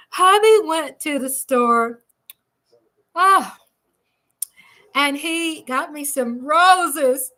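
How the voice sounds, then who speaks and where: Bubbly high-voiced woman host. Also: big pitch swings, very slow, pauses often, pushed and bright. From Texas. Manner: bubbly, chatty, laughs often. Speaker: livestream host. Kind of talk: casual livestream chat. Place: home.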